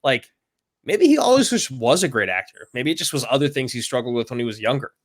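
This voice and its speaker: A man co-hosting a casual movie podcast who talks in an animated way and sometimes breaks into loud impressions of movie lines. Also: medium pitch, fast talker. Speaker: podcast co-host.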